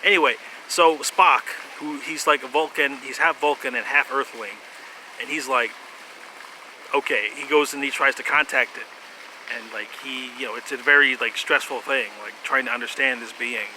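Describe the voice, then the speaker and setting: A man's voice: medium pitch, fairly even intonation, moderate pace, pushed and bright, a little hiss or hum, poor audio. A man rambling through a casual monologue, laughing often, swearing, and trailing off into fillers and restarts.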